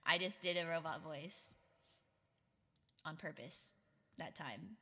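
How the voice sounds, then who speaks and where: A woman's voice: low voice, extremely slow, pauses often, pushed and bright, big-room sound. A woman streamer chatting casually with her viewers, giggling often and reacting to chat.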